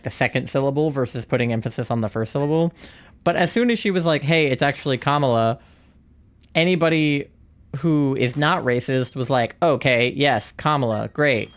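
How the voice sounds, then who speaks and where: A young-adult streamer talks loosely over gameplay. The speech rambles from thought to thought in a relaxed, chatty way, with frequent laughter along the way. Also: medium pitch. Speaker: live streamer. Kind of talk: casual chat while streaming a game.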